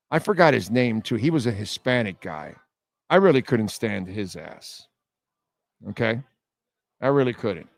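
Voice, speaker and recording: Salty sports radio guy rambling, mid-pitch voice, dry close mic. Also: big pitch swings, measured pace, vocal fry, long pauses, no echo. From Miami. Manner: profane, rambling storytelling, reading chat comments. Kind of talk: casual live-stream chat.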